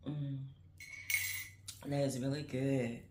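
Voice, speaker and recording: Against a noisy background, a woman with a very deep voice talks slowly, her pitch barely moving. She's a grandmother in her fifties vlogging casually to camera, wandering through thoughts on changing times and adding plenty of "you know what I'm saying."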